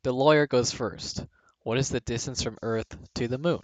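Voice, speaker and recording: Reading jokes for a video, a young man with a medium-pitched voice speaks at normal speed and keeps cracking up mid-sentence. It's a dull, dry home recording with no room sound.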